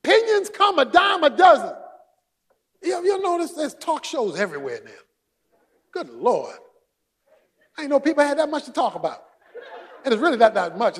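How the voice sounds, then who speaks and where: A man preaching a sermon, shouting for emphasis and joking with his congregation. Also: sits high, slightly rough. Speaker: pastor.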